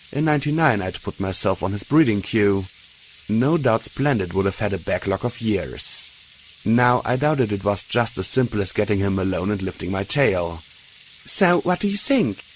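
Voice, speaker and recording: A man's voice: lowish voice, a little hiss or hum, low-quality recording. A man narrating a fan-fiction audiobook, telling the story steadily and voicing every character. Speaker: audiobook reader.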